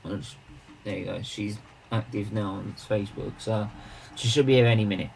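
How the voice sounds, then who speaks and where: A man's voice: fairly low pitch, brisk, gravelly, husky, poor audio. A man hosting a charity live stream, chatting casually with viewers, rambling and restarting his sentences as he greets people and banters.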